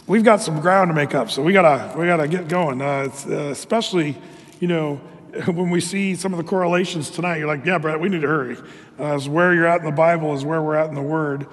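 Guy preaching, kinda high voice, chatty and earnest, lots of ums, big reverby church hall. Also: brisk. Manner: conversational, earnest, with frequent fillers and restarts. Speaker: pastor. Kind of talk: prayer and verse-by-verse sermon.

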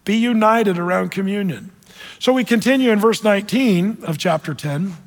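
A male pastor preaching a sermon in an animated, conversational teaching style with frequent asides, in a church sanctuary. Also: sits high, moderate pace, big-room sound.

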